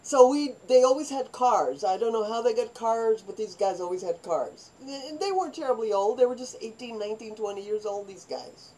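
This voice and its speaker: A woman's voice: a little high, moderate pace, few pauses, warm tone, rough recording. An older woman recounting her own life to camera in a loose, rambling monologue. She drifts between asides and throws herself into the voices of people she quotes. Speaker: vlogger telling her life story. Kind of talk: personal storytelling monologue.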